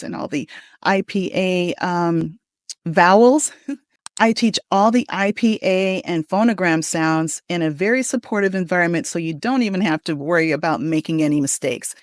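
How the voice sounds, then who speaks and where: A woman teaching English pronunciation, modeling each word slowly and deliberately for learners to repeat. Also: on the low side, no room sound, studio quality. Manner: slow, deliberate modeling of words. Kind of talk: pronunciation lesson.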